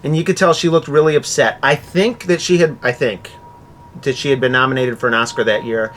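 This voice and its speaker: A man's voice: medium pitch, fairly even intonation, brisk, fairly bright tone. A man from Buffalo, New York, a guest in a casual podcast chat, telling stories earnestly and with enthusiasm.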